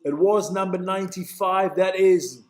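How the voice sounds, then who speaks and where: A man from Switzerland speaks at normal speed in a high-pitched voice with a roomy sound. He's giving chatty, excitable live play-by-play commentary for a stream, reading the chat and tripping over player names.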